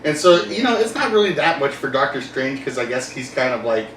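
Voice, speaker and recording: A man hosting a casual podcast chat, rambling and animated, laughing often and acting out quotes. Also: mid-range voice, a little fast, slight background noise. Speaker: podcast host. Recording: roomy, distant mic with faint ambience.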